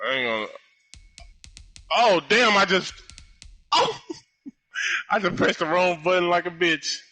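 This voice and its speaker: A young man giving live commentary on his own gameplay, loud and full of profane trash talk. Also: high-pitched, sing-song, slow pace, faint music behind. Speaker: gamer.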